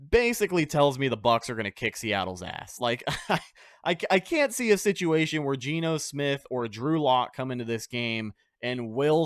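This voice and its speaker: A man's voice: medium pitch, fairly bright tone, smooth, no echo, studio quality. A man hosting a casual sports podcast, talking with confident, brash energy and casual swearing. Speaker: podcast host.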